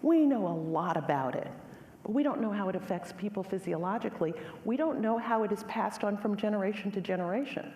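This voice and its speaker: Middle-aged woman giving a talk, animated storytelling, big echoey hall, faint room noise. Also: medium pitch, fairly quick. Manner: animated storytelling, emphatic, addresses audience directly. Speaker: lecturer. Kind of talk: public lecture with personal story.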